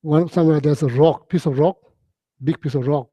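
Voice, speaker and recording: A man giving a Buddhist teaching, telling stories in halting, repetitive phrases with many "you know"s and frequent throat-clearing. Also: a little high, steady tone, mellow, no echo, dull audio. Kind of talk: storytelling dharma talk.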